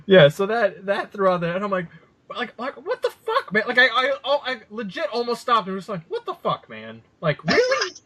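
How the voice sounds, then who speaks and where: A man in his thirties co-hosting a casual podcast, telling animated, swear-filled stories and acting out what people said. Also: high voice, normal speed, a little hiss or hum. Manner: animated storyteller, swears, acts out quotes. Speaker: podcast co-host.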